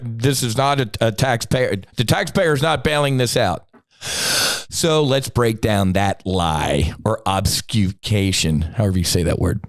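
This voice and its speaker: A middle-aged podcast host with a lowish voice and vocal fry launches into a blunt, profane, combative rant marked by sudden emphatic bursts. The studio-quality recording has no echo.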